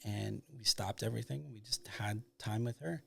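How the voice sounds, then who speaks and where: A man's voice: lowish voice, moderate pace, gravelly, husky. A man from Michigan, a documentary filmmaker, tells a long anecdote as a podcast guest in a rambling way full of fillers. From Michigan, United States. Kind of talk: casual storytelling.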